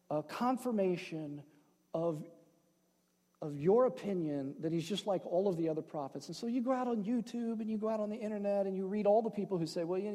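A male pastor preaching a sermon, conversational and joking, swinging between loud emphasis and hushed, slowed phrases. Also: sits high. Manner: conversational, with asides and playful jokes. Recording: long hall reverb.

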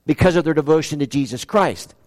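A man's voice: on the high side, fairly quick, a little mellow, big-room sound. A man preaching a sermon as pastor, earnest, asking rhetorical questions and repeating key phrases for emphasis.

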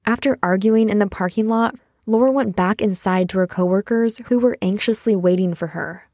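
A woman hosting a podcast, giving measured narration between interview clips. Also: mid-range voice, warm tone, dry recording, studio quality.

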